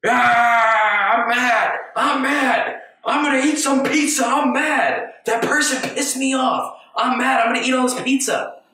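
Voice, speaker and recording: Petulant inner child boy played by a man, yelling high and cross, roomy distant sound. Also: measured pace, hardly any pauses, exaggerated voice. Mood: angry. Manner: shouting, petulant. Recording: echoey, distant from mic.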